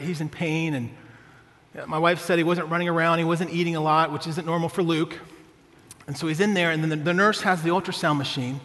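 A man's voice: fairly high pitch, a bit bright, in a large hall. A male pastor preaching a sermon, telling a family story with humor and often asking the congregation "right?".

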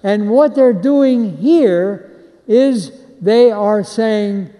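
A man's voice: sits high, drawn-out words, dark tone. A man preaching a sermon, leading the crowd in call-and-response chants. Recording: long hall reverb.

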